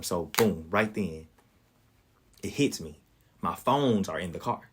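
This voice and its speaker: A man's voice: low-pitched, expressive, unhurried, slight background noise. A young man hosting a podcast, telling a personal story in an earnest, preacherly way and calling his listeners y'all. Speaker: podcast host. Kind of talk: storytelling monologue.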